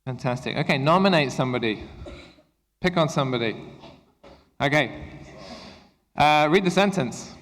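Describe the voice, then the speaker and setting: A man's voice: fairly high pitch, animated, a bit bright. Upbeat man leading a teacher workshop. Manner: upbeat, encouraging, gives quick instructions. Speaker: workshop presenter for English teachers. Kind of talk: interactive teacher-training workshop. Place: conference room at a university. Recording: echoey hall with long reverb.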